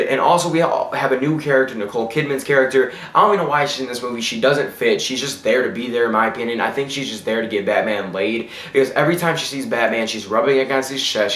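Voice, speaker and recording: A man reviewing a film in a casual, blunt way, ranting and tripping over his words now and then. His voice sits at an ordinary middle pitch. The room around him is echoey. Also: a bit bright. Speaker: movie reviewer.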